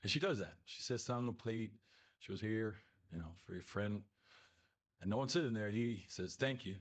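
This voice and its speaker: Low-voiced man rambling through a story. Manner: rambling, halting, many fillers. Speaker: listener telling a submitted story. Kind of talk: casual spoken storytelling.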